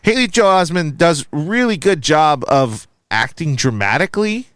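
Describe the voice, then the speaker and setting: A man in his thirties talks through a movie in a casual podcast chat. His smooth, resonant voice swings widely in pitch as he quibbles with a critic's review. The sound is dry and close. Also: normal speed, dry recording. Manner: animated, reads review aloud, quizzical. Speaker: podcast co-host.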